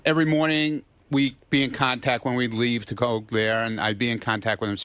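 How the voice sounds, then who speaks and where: A man's voice: medium pitch, level tone, fairly quick, a bit bright, clean tone, dry recording. A man telling a story on a radio show, defensive and protesting as he is interrupted. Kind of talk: casual radio banter.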